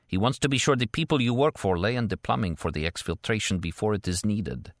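A man voicing a thin male spy contact who mumbles in a low, guarded way, in an audiobook. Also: a little fast, no room sound, natural voice. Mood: conspiratorial. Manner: low, murmured.

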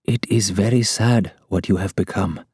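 A man voicing a calm, compassionate royal who speaks in a gentle, formal, courtly way. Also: low voice, moderate pace, husky, dry recording, clean studio sound.

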